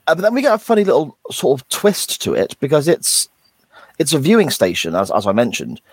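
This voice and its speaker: A man's voice: fairly high pitch, wildly swooping pitch, a little fast, husky, no echo. A man, co-hosting a casual podcast chat in a rambling way. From England. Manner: rambling, restarts sentences. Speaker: podcast co-host.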